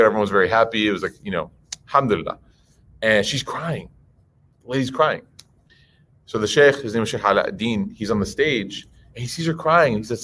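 A man giving a conversational religious talk to a live audience, telling stories in a lively way, acting out other people's voices and asking the crowd questions. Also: fairly low pitch, a little fast. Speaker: Muslim speaker giving a talk.

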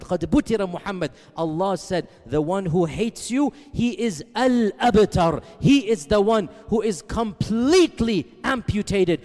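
A man delivers a sermon in a fairly high voice. He builds his points through emphatic repetition and careful explanation of Arabic terms. A long reverb trails behind his words. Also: darkish tone. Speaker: preacher.

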